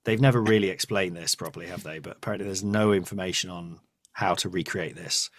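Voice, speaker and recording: A man's voice: deep voice, fast, no room sound, clean studio sound. A man hosting a podcast, chatting casually, often laughing and trailing off. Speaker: podcast host. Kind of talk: casual chat.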